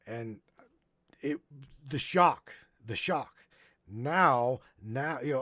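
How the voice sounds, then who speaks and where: Slow, emotional, swearing man host. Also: medium pitch, lively intonation, fairly bright tone, no room sound, clean studio sound. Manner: rambling, profane, choked up, halting restarts. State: choking up. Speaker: podcast host. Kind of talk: emotional live-stream monologue.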